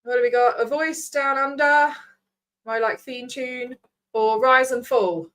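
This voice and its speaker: A woman's voice: high voice, measured pace, fairly bright tone. A woman, rambling casually as she signs off her livestream, swearing freely. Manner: chatty, scattered, swears freely. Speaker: vlogger host.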